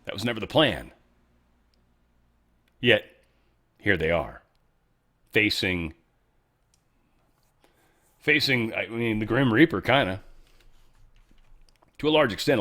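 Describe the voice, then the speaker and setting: Rambling low-voiced man hosting a podcast. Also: a bit bright. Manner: rambling, offhand, self-correcting. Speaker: podcast host. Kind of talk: casual political commentary monologue.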